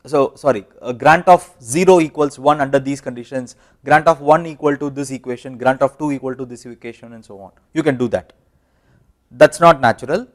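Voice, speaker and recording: Speaking in a fairly high register, an Indian English-accented man lectures at a university. He explains things one step at a time, using filler words and correcting himself along the way.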